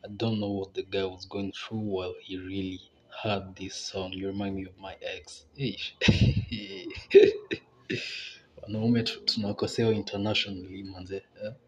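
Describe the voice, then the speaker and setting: A young man hosts a casual podcast, rambling and laughing in a relaxed way. His voice sits a little low. Faint background noise hangs under his talk. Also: normal speed, few pauses, muffled recording. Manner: laid-back, rambling, laughs between phrases. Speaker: podcast host.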